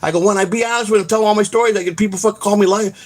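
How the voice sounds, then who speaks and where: Fast-talking profane man. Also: high-pitched. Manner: profane, rambling, excitable storytelling. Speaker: host. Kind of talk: casual rambling livestream chat.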